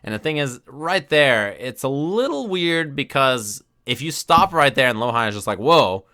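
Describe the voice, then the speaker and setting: Guy streaming from his desk, bright forceful voice, telling a story all animated. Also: medium pitch. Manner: animated, acts out crowd reactions with quick asides. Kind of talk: casual storytelling commentary.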